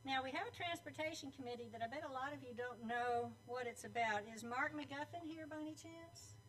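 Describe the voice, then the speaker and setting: A woman with a fairly high voice runs through announcements at a club meeting. She talks in a chatty, teasing way as she calls on members by name. A faint hum sits under her voice. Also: brisk, a bit bright, distant mic, rough recording. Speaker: club board member introducing teams. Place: meeting room at a club luncheon.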